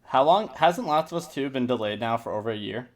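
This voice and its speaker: A man's voice: mid-range voice, animated, fairly quick. Joking, foul-mouthed podcast host, man. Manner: joking, swears freely. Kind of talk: casual chat.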